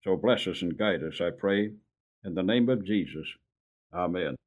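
An older man preaching an earnest sermon, slowing down for emphasis and dropping low and soft at the ends of lines. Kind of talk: radio sermon.

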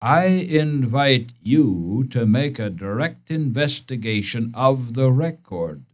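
Slow, earnest male preacher. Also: medium pitch, very animated. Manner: earnest, emphatic, addresses listeners directly; deliberate, repeats key phrases. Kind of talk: sermon.

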